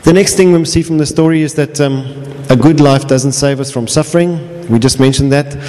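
Pastor preaching in a reverberant hall. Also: male voice, a little high, moderate pace, mellow. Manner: earnest, repeats himself, restarts phrases. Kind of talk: sermon. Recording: long reverb of a large hall.

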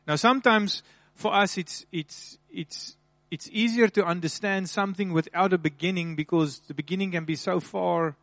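A male pastor preaching a sermon, repeating and slowly stressing key phrases with rising emphasis. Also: sits high, fairly bright tone, no echo.

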